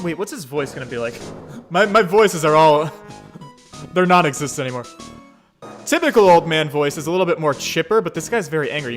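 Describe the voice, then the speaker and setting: A man's voice: on the high side, animated, brisk, a bit bright. A man giving playful, joking commentary while playing and reading a game. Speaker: let's play streamer. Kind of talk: casual gameplay commentary. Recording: game music behind voice.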